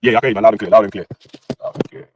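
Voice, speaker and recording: A man's voice: fairly low pitch, steady tone, very fast. A British man hosting a livestream, ranting in casual street slang with lots of banter. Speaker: livestream host.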